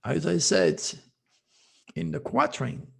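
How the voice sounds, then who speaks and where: A male astrologer delivers a scolding monologue on his own channel, circling back to the same points again and again. His voice is gravelly and sits a little high. He speaks slowly and heavily, leaning hard on each word. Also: huge pitch swings, a bit bright. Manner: ranting, repetitive, scolding. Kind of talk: emphatic monologue.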